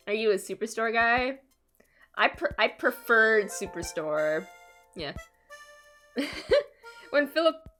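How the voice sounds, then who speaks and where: A woman's voice: mid-range voice, fairly bright tone. A young woman from Canada chatting casually on a live stream, laughing often and answering her chat.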